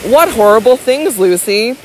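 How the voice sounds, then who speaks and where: A woman's voice: fairly high pitch, expressive, unhurried, a little hiss or hum, poor audio. A woman reading an audiobook voices an elderly baronet who speaks firmly and tenderly to his wife. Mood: protective. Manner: firm, insistent, tender toward his wife. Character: elderly devoted baronet husband, protective and indignant.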